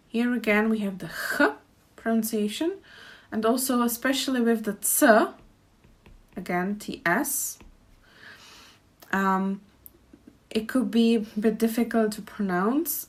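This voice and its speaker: A woman teaching a pronunciation lesson, speaking carefully and repeating each phrase so learners can practice. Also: mid-range voice. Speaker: Czech language teacher.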